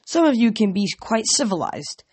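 A young man reading aloud, putting on a smooth, courteous voice for a tall male Titan in a storybook. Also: sits high, very animated, moderate pace, darkish tone, pitched above the performer's own voice, exaggerated voice.

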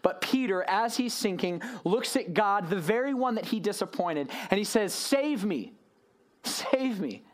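A man preaches a sermon to a gathered room. He tells the story with animated swings in pitch, sometimes dropping low and quiet, sometimes rising high and urgent. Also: moderate pace, hardly any pauses.

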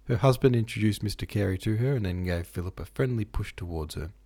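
A man reading a classic novel aloud as a podcast audiobook narrator, in a measured, steady way. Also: on the low side.

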